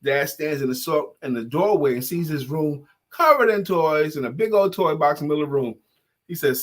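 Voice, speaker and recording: A man co-hosting a talk show, chatting casually and telling animated stories. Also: fairly high pitch, normal speed. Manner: animated storyteller, acts out voices in jokes and stories. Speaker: podcast co-host. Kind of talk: casual chat with storytelling.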